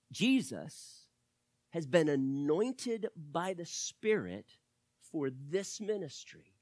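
A male pastor preaching a teaching sermon, swinging from loud emphasis to quiet asides and asking the audience questions. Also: a little high, big pitch swings, very slow, pauses often, dry recording, studio quality. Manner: asks the audience direct questions.

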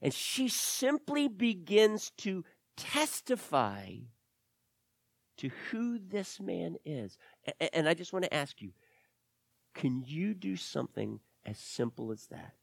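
A man preaching with a very lively, rising and falling voice. He leans hard into some lines and drops almost to a whisper on others. The sound is dry and close. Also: high voice, slow pace, vocal fry, dry recording. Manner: dramatic swings between loud emphasis and hushed near-whispers. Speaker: pastor. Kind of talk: sermon.

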